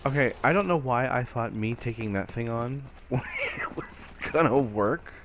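A man's voice: mid-range voice, unhurried, a bit bright, a little hiss or hum. A man casually commentating his own online shooter match, rambling and stammering, often mocking himself. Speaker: gameplay commentator.

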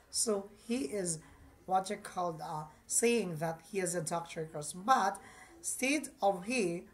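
A woman teaching an English grammar lesson, patiently repeating each point and addressing her viewers as class. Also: fairly low pitch.

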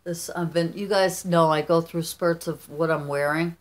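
A woman's voice: low-pitched, steady tone, normal speed. Gushing middle-aged woman vlogger. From United States. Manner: gushing, effusive, rambling with restarts. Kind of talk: casual chat opening fan mail.

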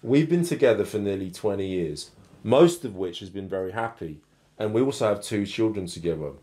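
A man's voice: lowish voice, expressive, a little fast, dark tone. A man, co-hosting a podcast and reading a listener's letter aloud in a dry, wry way.

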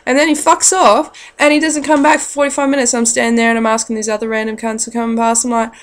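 A woman's voice: on the high side, little pitch movement, fast talker, hardly any pauses. A woman telling a rambling, profane story to camera in a blunt, casual way. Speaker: parent.

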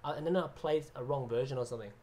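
A man's voice: medium pitch, very fast, a little mellow. A man hosting a casual piano livestream, chatting loosely, reading out viewer names and laughing often. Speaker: livestream host and pianist.

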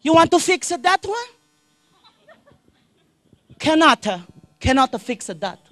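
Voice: high voice, sing-song, takes it slowly, a bit bright, no echo, pitched above the performer's own voice, full character voice. A young Palauan storyteller putting on an angry middle-aged shopkeeper woman with a mock Chinese accent and clipped, broken phrasing. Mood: scolding. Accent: mock Chinese-accented English. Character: angry middle-aged female repair-shop owner.

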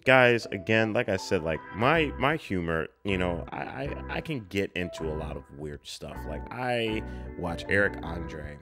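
A young man with a slightly low voice talks his way through a film reaction in a loose, casual way. He bursts out excitedly and laughs often. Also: measured pace, few pauses, over music.

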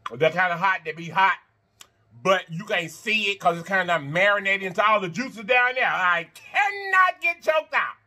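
A man hosting an eating-show vlog, chatting to viewers between bites, animated and quick to laugh. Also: high voice. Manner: animated, talks straight to viewers, laughs and chants; talks while eating and blowing on hot food. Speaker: mukbang host.

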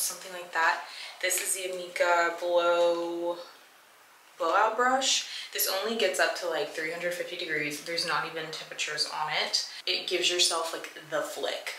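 A woman's voice: fairly low pitch, sharp tone. A young woman in her twenties chatting casually to camera in a rambling, filler-heavy way about hair and outfits, sometimes swearing. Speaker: lifestyle vlogger. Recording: echoey room, faint ambient noise.

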